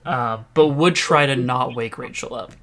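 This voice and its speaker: A man playing a character in a tabletop game, excitable and quick to swear and laugh. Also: mid-range voice. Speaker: player. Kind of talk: casual tabletop role-play.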